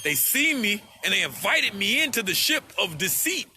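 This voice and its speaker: A man's voice: high voice, big pitch swings, moderate pace, pushed and bright, slight background noise. A man on a livestream, speaking to his viewers in an impassioned, profane rant and repeating himself for emphasis.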